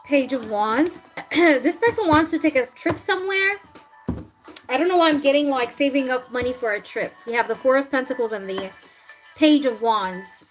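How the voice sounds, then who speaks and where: A woman hosting a casual live tarot reading, chatting with viewers and often clearing her throat. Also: high-pitched, expressive, moderate pace, faint music behind, rough recording.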